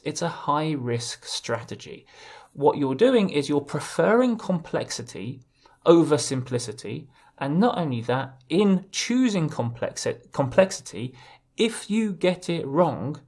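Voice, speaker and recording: A man teaching a legal English writing lesson, explaining clearly and restarting words now and then. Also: on the high side, darkish tone. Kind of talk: video lesson.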